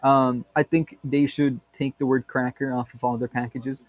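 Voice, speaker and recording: A man's voice: mid-range voice, level tone, moderate pace, no echo. A male podcast host talks in a loose, rambling way, peppering crude jokes with filler words. His voice sits in an ordinary middle range. The sound is close and dry, with no room around it. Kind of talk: casual chat.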